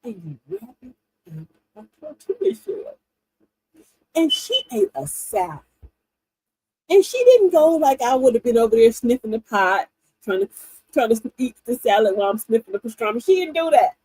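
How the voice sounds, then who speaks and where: Animated, high-voiced woman storyteller. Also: moderate pace, breathy edge, no echo, poor audio. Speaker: livestream host. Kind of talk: casual chat to viewers.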